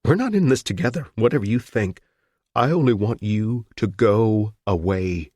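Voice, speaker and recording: A man's voice: fairly low pitch, expressive, normal speed, warm tone, no echo, clean studio sound. A man voicing a frightened young woman taken hostage in an audiobook. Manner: pleading, fearful. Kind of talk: audiobook character voice.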